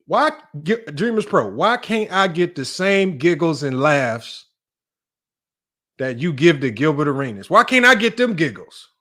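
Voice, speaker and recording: A man's voice: high-pitched, pushed and bright. A young man hosting a sports debate livestream, riffing casually and joking as he talks straight at his viewers. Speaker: sports show host.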